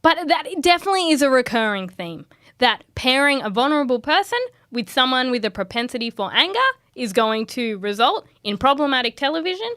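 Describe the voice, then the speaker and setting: A woman's voice: sits high, lively intonation, fairly quick, a bit bright, no room sound, studio quality. A woman co-hosting a podcast, reading a wry script and laughing along. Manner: wry, laughing as she reads. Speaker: podcast co-host.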